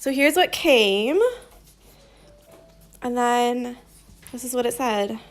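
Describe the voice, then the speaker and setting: A woman's voice: fairly high pitch, takes it slowly, faint music behind. A woman hosting a casual embroidery live stream, chatting on and rambling with frequent laughter. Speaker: embroidery livestream host.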